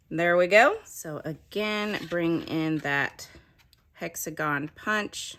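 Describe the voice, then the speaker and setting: A woman with a lilt talks through a card-making tutorial in an easy, chatty way. Her voice sits a bit low for a woman. She narrates each step as she works. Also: takes it slowly, fairly bright tone. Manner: chatty, explaining step by step while working. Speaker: craft demonstrator. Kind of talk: casual craft tutorial.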